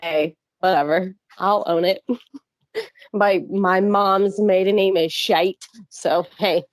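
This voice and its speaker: A woman co-hosting a comedy podcast from her computer, reacting loudly and laughing often. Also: mid-range voice, fairly even intonation, slow pace, dry recording, clean studio sound. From United States. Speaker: podcast co-host. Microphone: computer mic at home.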